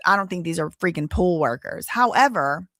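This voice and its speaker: A woman's voice: on the low side, lively intonation, moderate pace, fairly bright tone, no echo, studio quality. A woman hosting a live case-update stream, chatting casually with viewers in a blunt, indignant way, sometimes cursing. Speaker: host.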